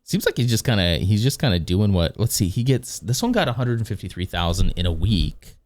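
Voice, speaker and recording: A man's voice: fairly low pitch, big pitch swings, fairly quick, no room sound. A man streaming live, chatting casually while reacting to videos and reading chat, rambling and correcting himself often. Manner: rambling, self-correcting, reads chat aloud.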